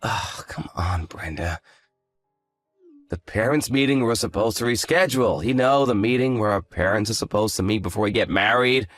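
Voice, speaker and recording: A man's voice: lowish voice, fairly quick, hardly any pauses, a bit bright, faint music behind, lightly acted. A man voicing an arrogant, hungover young fiancé who talks in a lazy, condescending, sarcastic way. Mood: smug. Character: arrogant hungover male fiancé, dismissive and smug. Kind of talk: scripted story drama.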